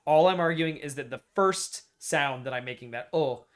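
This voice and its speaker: A man's voice: a little high, moderate pace. A man co-hosting a casual stream chat, arguing a point and then conceding it. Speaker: stream co-host.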